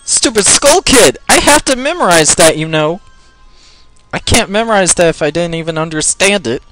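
Man, let's play commentary, excitable, lively swooping pitch, jokey, fairly high voice. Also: normal speed, faint music behind. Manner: excitable, jokey, prone to panicked yelling. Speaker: gameplay commentator.

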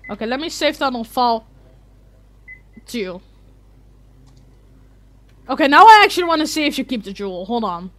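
Young woman, let's play commentary, bright tone, chatty. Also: high-pitched, big pitch swings, moderate pace, pauses often. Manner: chatty, restarts mid-sentence. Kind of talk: casual game commentary.

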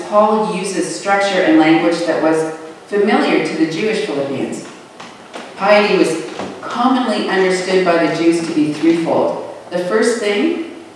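A preacher delivers a sermon at an unhurried, deliberate pace, leaning hard on single words. The voice sounds far from the microphone, with a long reverb filling a large church hall. A faint hiss sits underneath. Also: medium pitch, a little mellow. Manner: measured, with slow drawn-out emphasis on key words.

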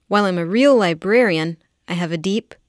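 A woman's voice: fairly low pitch, brisk, no room sound, studio quality. A woman hosting a classical music podcast, upbeat and laughing easily as she introduces and questions her guest. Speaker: podcast host. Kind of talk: scripted intro then interview chat.

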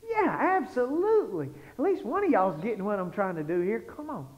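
A man preaching a sermon, telling stories animatedly and swinging from hushed tones to shouting. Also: sits high, sing-song, fairly quick. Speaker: pastor. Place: church sanctuary. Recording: lo-fi sound with long hall reverb.

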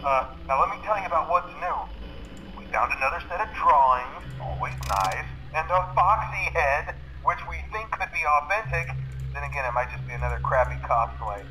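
In a noisy recorded phone message, a man with a slightly high, pushed, bright voice plays an easygoing attraction manager, the boss. He speaks at a moderate pace, animated and rambling with fillers and chuckles.

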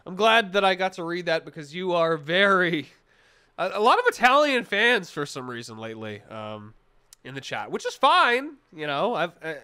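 A man's voice: high voice, sing-song, normal speed, sharp tone, smooth. A young man streaming, chatting casually with his live chat in a rambling, jokey way, full of restarts and mock-serious asides.

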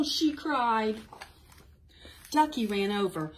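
A woman's voice: medium pitch, expressive. Sing-song woman librarian at storytime. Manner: sing-song, encouraging, slow and clear. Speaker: children's librarian. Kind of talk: toddler storytime.

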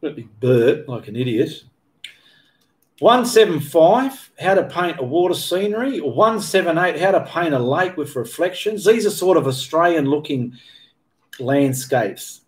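Reading out viewer comments on his painting channel's casual livestream, this host responds in a wandering, self-correcting way, breaking off mid-sentence to revise himself. His voice sits on the high side, with lively intonation and a measured pace.

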